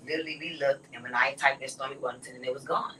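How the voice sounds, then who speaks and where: A woman telling a personal story in a casual conversation, often dropping to a soft near whisper. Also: a bass voice, fairly even intonation, racing, recorded from a distance, slight background noise, poor audio.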